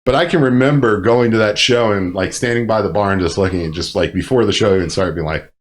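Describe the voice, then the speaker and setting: A man, a Marine veteran, telling stories in casual chat, profane and animated with loud bursts. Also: on the low side, fast. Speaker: podcast guest, Marine veteran.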